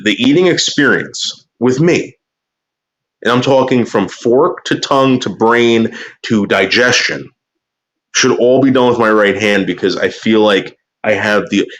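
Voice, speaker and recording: A man's voice: on the low side, fairly bright tone. Rambling, profane man chatting on stream. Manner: profane, rambling, repeats words when starting sentences. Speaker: livestreamer talking to chat. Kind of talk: rambling casual stream chat.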